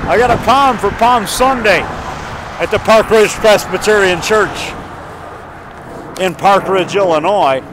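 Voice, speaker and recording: High-voiced man rambling on a walk. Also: slow, pauses often, background noise. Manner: chatty, enthusiastic, repeats himself, chuckles. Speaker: indie horror filmmaker giving a tour. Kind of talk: rambling walking tour vlog. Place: outdoor forest preserve by a river.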